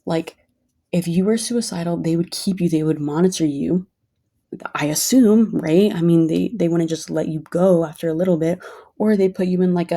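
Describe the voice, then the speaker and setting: Woman, low-pitched and gravelly, casual confessional vlog delivery. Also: mellow. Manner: earnest, rambling, heavy use of "like". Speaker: vlogger. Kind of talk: casual personal vent vlog.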